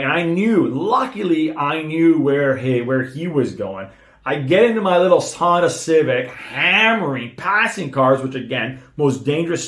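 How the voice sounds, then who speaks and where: A young man, telling a personal story as a sales trainer, emphatic and swearing freely, dropping to a hush and then getting excited. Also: on the high side, echoey room. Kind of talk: motivational storytelling to camera.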